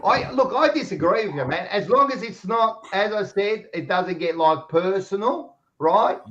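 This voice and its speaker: A man's voice: high-pitched, animated, moderate pace, a bit bright. An Australian man in a heated casual debate, blunt and combative, calling everyone mate. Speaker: podcast panelist. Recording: dull lo-fi sound.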